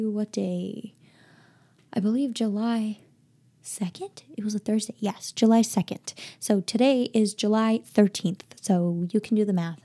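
Woman, podcast host, warm mellow tone, casual upbeat chat. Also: mid-range voice. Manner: chatty, upbeat and personal.

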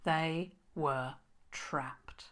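Slow, expressive woman storyteller. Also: low-pitched. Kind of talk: children's story narration.

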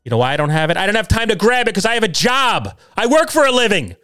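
A middle-aged man rants through a solo podcast episode from his basement, sarcastic, combative and quick to mock himself. His voice sits a little high and swings widely up and down. The sound is dry and close, with faint music underneath. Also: big pitch swings, a bit bright, clean tone, dry recording. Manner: sarcastic, combative, self-deprecating. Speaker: podcast host. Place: home basement.

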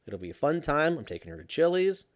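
A young man telling a casual story in a sarcastic, profane, animated way. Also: a little high, quick pace, dry recording.

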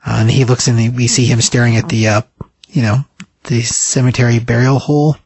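A man's voice: mid-range voice, little pitch movement, fairly quick, a little mellow, husky, no echo. Rambling man recapping a comic. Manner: rambling, filler-heavy. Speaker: comic book reviewer.

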